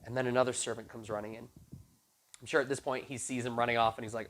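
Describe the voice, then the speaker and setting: A man's voice: medium pitch, racing. A man preaching to a youth group, retelling a Bible story casually and acting out the characters' lines. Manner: animated, acts out quoted characters with casual slang. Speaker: youth pastor.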